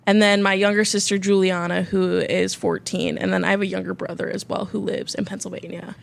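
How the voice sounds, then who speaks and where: Giggly young woman host with gravelly edge. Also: medium pitch, level tone, fairly quick. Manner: giggly, self-deprecating. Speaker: podcast host. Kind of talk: casual chat.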